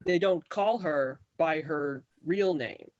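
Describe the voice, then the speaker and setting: A man's voice: a little high, slow pace, darkish tone, dry recording. Earnest man on a dull lo-fi line. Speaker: podcast guest. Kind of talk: casual chat.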